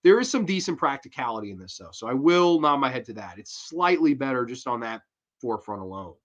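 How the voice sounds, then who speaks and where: A man's voice: medium pitch, sing-song, brisk, fairly bright tone, muffled recording. Profane ranting man reviewing films. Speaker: horror movie reviewer and host. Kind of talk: casual ranting film review.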